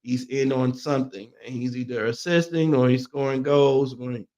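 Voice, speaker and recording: A man's voice: mid-range voice, steady tone, normal speed, darkish tone. A man co-hosting a sports talk show in casual chat, easygoing and agreeable, chiming in to back up his partner. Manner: easygoing, agreeable, chimes in with backing remarks.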